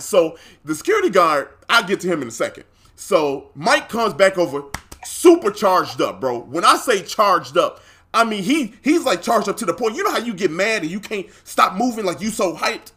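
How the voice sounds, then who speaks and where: Podcast co-host, male, animated storyteller with a bright, high and very expressive voice, quick to laugh and swear. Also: slightly rough. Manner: animated, acts out the other people's lines, laughs often, swears freely. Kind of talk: casual storytelling chat.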